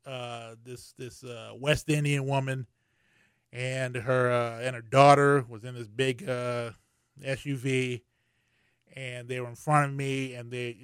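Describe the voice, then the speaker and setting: Alone on his podcast, a man with a medium-pitched, fairly bright, smooth voice rambles casually through fillers and restarts. Recounting an annoying story winds him up, and the audio is studio quality with no echo.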